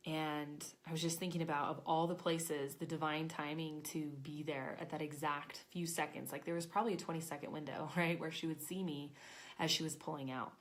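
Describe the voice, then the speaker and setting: A woman in her thirties, an intuition coach, telling a personal story in a chatty, animated way and acting out her own thoughts. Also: low-pitched. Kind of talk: casual storytelling to camera.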